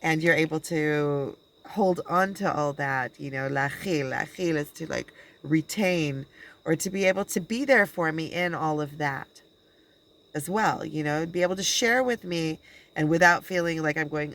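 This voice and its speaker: Rambling low-voiced woman talking to camera. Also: a bit bright, low-quality recording. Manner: rambling, halting, with many restarts and quoted dialogue. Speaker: spiritual channeler and video blogger. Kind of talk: casual personal monologue.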